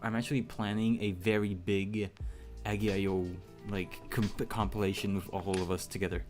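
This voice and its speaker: A stream co-host and Spanish speaker in casual live chat, animated and laughing often. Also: low voice, moderate pace. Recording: faint music behind.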